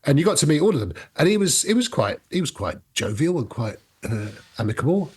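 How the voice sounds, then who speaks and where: A man co-hosting a rock music podcast in a casual chat, lively and quick to rise in pitch when asking questions. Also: slightly rough. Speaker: podcast co-host.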